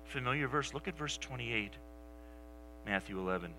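A male pastor preaching a sermon, telling the story with animation and dropping to soft, near-whispered lines for emphasis. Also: medium pitch, lively intonation, moderate pace, a little hiss or hum, low-quality recording.

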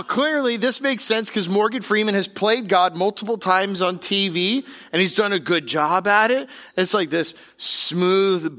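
At a church service, a pastor with a high-pitched voice preaches a sermon in an energetic, joking and conversational style.

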